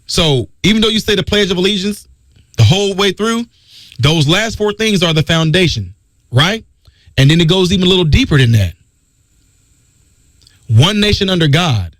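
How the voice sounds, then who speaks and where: A man's voice: high voice, lively intonation, moderate pace, pauses often, no room sound, clean studio sound. A man hosting a talk radio show, delivering an emphatic, preachy monologue and repeating his key phrases.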